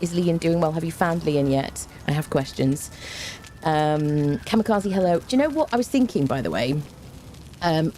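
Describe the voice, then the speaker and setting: With a low-leaning, mellow voice and a faint hiss or hum on the audio, a young woman chats casually while streaming a game. She calls out viewers by name and leans on lots of filler words.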